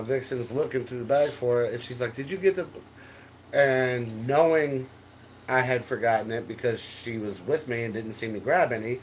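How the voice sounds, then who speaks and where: A man co-hosting a casual chat, telling a story with profane, teasing, loud outbursts. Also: mid-range voice, a little hiss or hum, poor audio. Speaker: co-host.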